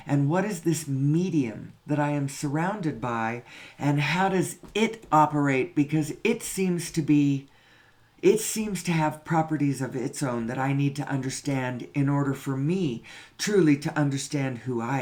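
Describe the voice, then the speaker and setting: A man's voice: a little high, a little mellow. A man giving a rambling spoken monologue on spiritual and social questions, often repeating himself, asking rhetorical questions and cursing casually. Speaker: spiritual talk host.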